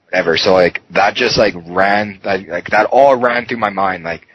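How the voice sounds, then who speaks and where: A man appearing as a podcast guest tells his story in a candid personal interview, raw and emotional, swearing often and using lots of fillers. His voice is low and moderately paced, and the podcast audio is muffled with faint noise.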